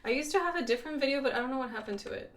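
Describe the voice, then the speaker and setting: A woman's voice: high voice, racing, a little hiss or hum. A young woman from Mexico chatting casually on a live stream, giggly and full of "like" fillers, switching between English and Spanish.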